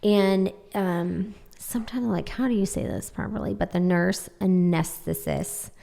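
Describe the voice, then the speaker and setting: A middle-aged woman co-hosting a casual podcast chat, telling stories with lively acted-out quotes. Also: medium pitch, measured pace, gravelly. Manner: animated storytelling, acts out quoted voices. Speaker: podcast co-host.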